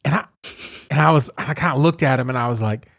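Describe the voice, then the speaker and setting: A male podcast host telling a story in a casual way, animated, laughing and making joking asides. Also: mid-range voice, fast talker, creaky, no echo, clean studio sound.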